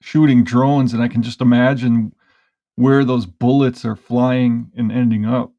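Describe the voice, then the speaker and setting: A man's voice: medium pitch, little pitch movement, unhurried, dark tone, muffled recording. A man in casual conversation, curious and asking questions, often restarting his sentences. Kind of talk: casual chat.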